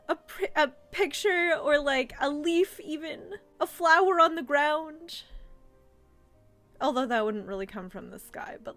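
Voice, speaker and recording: Young woman host, bright higher voice, rambling fan commentary with lots of "like". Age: young adult. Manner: chatty, gushing, many fillers. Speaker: host reviewing a childhood cartoon. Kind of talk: casual commentary.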